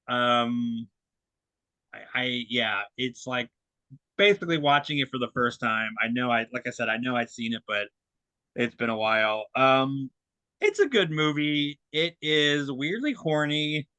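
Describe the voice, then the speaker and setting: Young guy rambling about movies on a podcast, bright voice, dry close sound, lots of ums and likes. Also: mid-range voice, measured pace, clear, resonant tone, no echo. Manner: rambling, many fillers and restarts. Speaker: co-host reviewing film releases. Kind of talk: casual podcast chat.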